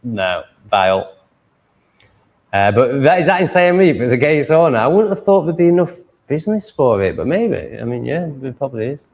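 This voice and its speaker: A man's voice: a little high, big pitch swings, fast, a little mellow. A man hosting a casual livestream, rambling and reading viewer comments aloud before answering them.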